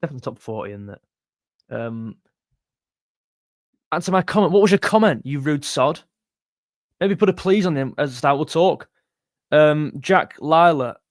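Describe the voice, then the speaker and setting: A man's voice: on the high side, lively intonation, moderate pace, pauses often, dry recording, clean studio sound. A young man hosting a livestream, reading viewer comments in a chatty, jokey way and calling people mate. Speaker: music channel host reading live chat. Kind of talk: casual livestream chat.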